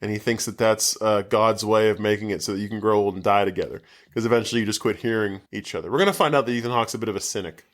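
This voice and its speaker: A man's voice: lowish voice, rapid-fire. A man co-hosting a casual podcast, recapping a movie in a loose, rambling way full of fillers. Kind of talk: casual chat. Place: basement.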